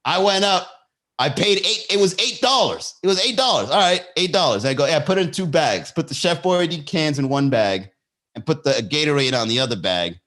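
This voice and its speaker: A man hosting a comedy podcast, telling a story in a loose monologue and jumping into high voices for the people in it. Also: fairly quick. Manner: animated, jumps into high-pitched impressions of people in his stories.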